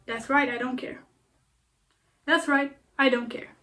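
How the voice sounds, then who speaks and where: Young female vlogger, high voice, chatty encouraging self-talk with fillers and repeats. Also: steady tone, measured pace, pauses often, sharp tone. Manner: earnest, repetitive, playful self-talk with fillers. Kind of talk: casual self-help talk to camera.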